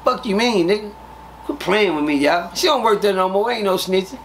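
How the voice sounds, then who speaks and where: A man with a Texas accent telling profane, animated prison stories in a casual interview, acting out scenes with sound effects. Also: sits high, a little fast, a little hiss or hum.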